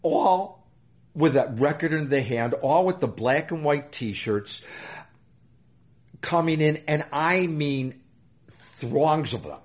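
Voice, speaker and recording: A man's voice: fairly high pitch, animated, takes it slowly, pauses often. An older man, an interview guest telling a long story with many fillers and restarts. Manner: rambling anecdotes with many fillers.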